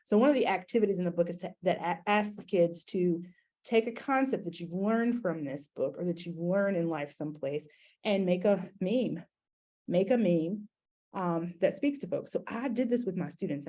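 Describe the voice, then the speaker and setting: A middle-aged woman presents to an audience as an educator, talking in a loose, conversational way. Her voice is warm and mellow and sits slightly low. She often pauses on fillers and restarts her sentences. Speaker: educator giving a talk. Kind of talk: conference talk presentation.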